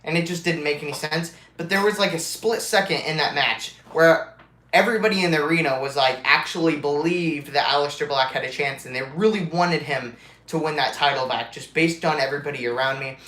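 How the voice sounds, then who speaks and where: A young man talks in a casual fan vlog, rambling and excitable, full of ums and uhs. His voice sits a touch high and sounds a little stuffy from allergies. The room around him rings with echo. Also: brisk. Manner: rambling, excitable, with many fillers. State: congested, with allergies and swollen mouth. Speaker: wrestling fan vlogger.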